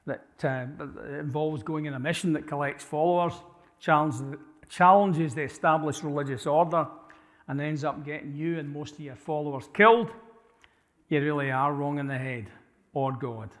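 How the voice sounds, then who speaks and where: In a church hall with long reverb, a man speaks to a live congregation in a conversational manner, often asking questions of the room and correcting himself mid-sentence with frequent restarts. His voice is a little high for a man, steady in tone, at a moderate pace.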